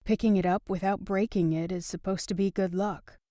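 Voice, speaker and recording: A woman's voice: mid-range voice, fairly even intonation, a little fast, dark tone, dry recording, studio quality, natural voice. A woman voicing a wry, teasing young male professor in a romance audiobook.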